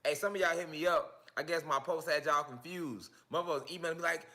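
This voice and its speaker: A man with a fairly high, bright, forceful voice leads a loose livestream class. His talk is full of slang, repeats itself and lands hard on its points. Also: quick pace. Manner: slangy, repetitive, emphatic street talk. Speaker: online spiritual teacher. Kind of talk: casual livestream lecture.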